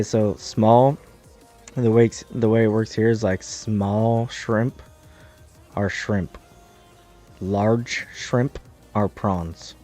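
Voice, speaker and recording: A young American man streaming, chatting casually in a profane, rambling, animated way. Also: on the low side. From United States. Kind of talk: casual chat while gaming.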